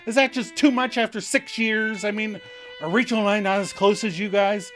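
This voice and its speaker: A man's voice: sits high, steady tone, moderate pace, a bit bright, faint music behind, voice pushed up. A man voicing a fretful young woman who pleads to be cried over, in a raised, whiny voice. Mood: whiny pleading.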